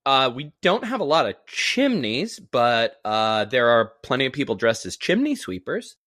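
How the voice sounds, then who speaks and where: Man from texas, podcast co-host, casual chat, dry self-mocking humor, lively intonation, close dry mic. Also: medium pitch, moderate pace, no room sound. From Galveston, Texas.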